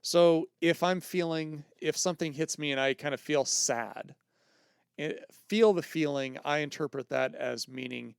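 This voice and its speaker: A man co-hosting a podcast, talking in a thoughtful, measured way with frequent restarts. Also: fairly high pitch, gravelly, smooth, no echo, clean studio sound. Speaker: podcast co-host. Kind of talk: casual podcast chat.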